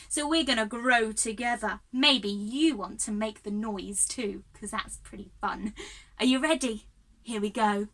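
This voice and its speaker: Very high, bubbly woman teaching small children. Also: bright, forceful tone. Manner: bubbly, sing-song, encouraging, laughs often. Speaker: early years music and drama teacher. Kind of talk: children's singalong and movement lesson.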